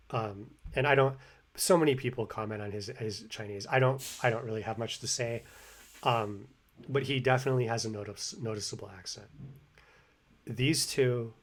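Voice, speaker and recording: A man's voice: medium pitch, husky. Rambling man hosting a language video. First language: English. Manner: rambling, lots of fillers and restarts. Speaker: language-learning video host. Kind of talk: casual commentary.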